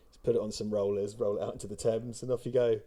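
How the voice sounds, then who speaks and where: A man's voice: fairly low pitch, flat delivery, quick pace, warm tone. A man co-hosting a film commentary, talking casually and sarcastically, swearing often and slipping into mocking voices.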